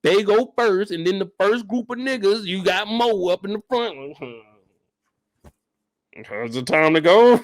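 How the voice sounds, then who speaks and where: A man's voice: high voice, measured pace, pauses often, no room sound, clean studio sound. A man hosting a comedic reaction rant about a TV episode, swearing freely and breaking into laughter often. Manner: animated, profane, laughing often. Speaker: show reaction host.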